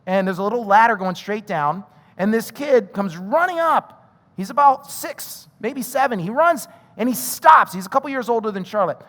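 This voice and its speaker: A pastor preaching a sermon, telling stories animatedly and acting out quoted voices. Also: male voice, high voice, expressive, moderate pace, a bit bright. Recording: long reverb of a large hall.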